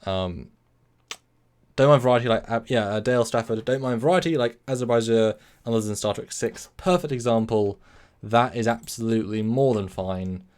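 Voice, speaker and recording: A man's voice: medium pitch, normal speed, a little mellow. A man hosting a casual live stream, rambling, correcting himself and answering chat messages. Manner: rambling, self-correcting, reads chat aloud.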